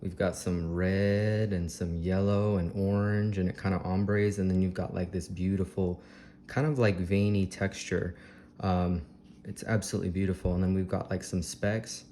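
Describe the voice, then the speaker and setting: A man with a Texan accent, vlogging a fruit tasting at home in a slow, dreamy, gushing way with many ums. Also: low voice, level tone, mellow. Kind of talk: casual food tasting vlog. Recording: echoey room with faint ambient hiss.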